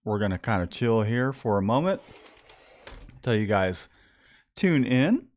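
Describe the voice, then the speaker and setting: A man hosting a casual live stream from a screen printing shop, relaxed and laughing often. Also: lowish voice, measured pace. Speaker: host.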